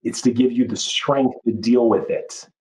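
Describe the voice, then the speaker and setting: Male life coach, mid-pitched, earnest and reflective, restarts phrases as he thinks aloud. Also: fairly even intonation, normal speed, darkish tone, poor audio. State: moved, near tears. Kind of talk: podcast interview.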